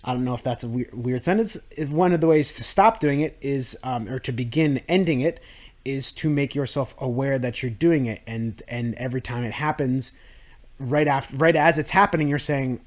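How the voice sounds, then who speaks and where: A man's voice: mid-range voice, brisk. A young man hosting a self-improvement podcast, talking through his thoughts in a rambling, reflective monologue full of restarts. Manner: rambling, with many restarts and fillers. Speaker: podcast host.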